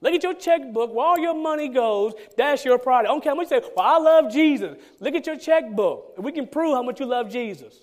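Man, pastor, sermon, very high pitched, emphatic, repetitive, rhetorical questions. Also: lively intonation, fast talker, hardly any pauses. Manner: emphatic preaching, rhetorical questions, repeats lines for stress.

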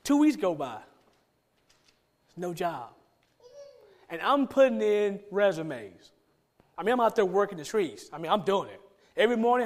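A man's voice: high voice, very animated, measured pace, pauses often. A man telling a personal testimony as a sermon, animatedly acting out his own past conversations. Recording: long hall reverb.

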